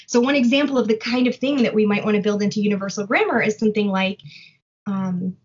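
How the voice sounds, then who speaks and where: A woman's voice: medium pitch, quick pace, husky. A woman researcher who studies how babies learn language, explaining the research patiently in conversation and thinking aloud through examples. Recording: dull lo-fi audio.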